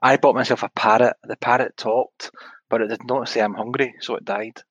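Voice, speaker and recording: A man's voice: medium pitch, steady tone, brisk, a bit bright, husky, dry recording, muffled recording. A man co-hosting a podcast, chatting casually and delivering joke punchlines dryly. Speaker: podcast co-host. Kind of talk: casual chat.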